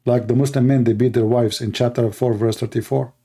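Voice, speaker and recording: A man's voice: mid-range voice, steady tone, a little fast, mellow, breathy edge. A man hosting a show, giving mocking commentary on a video in sarcastic, broken English. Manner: sarcastic, repeats himself, broken English grammar. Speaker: host.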